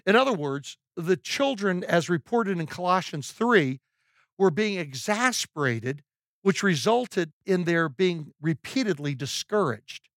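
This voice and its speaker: A man's voice: high-pitched, expressive, unhurried, fairly bright tone, no room sound, clean studio sound. A middle-aged man preaching a sermon, conversational and humorous, with frequent repeated words and fillers. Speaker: pastor.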